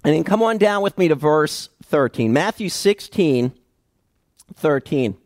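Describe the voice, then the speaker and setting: A man preaching a sermon, slowly and emphatically explaining Bible passages with dramatic pauses. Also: on the high side, animated, darkish tone, dry recording. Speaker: pastor.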